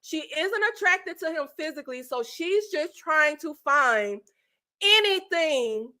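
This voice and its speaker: Bright high-voiced woman, blunt and animated. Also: a little slow. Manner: animated, exasperated, blunt with swearing. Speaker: channel host reviewing reality TV. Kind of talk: casual recap commentary.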